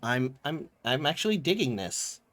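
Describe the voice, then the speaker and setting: A man streaming a game live, reading text aloud and reacting in excited outbursts. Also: mid-range voice, normal speed. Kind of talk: live gameplay commentary.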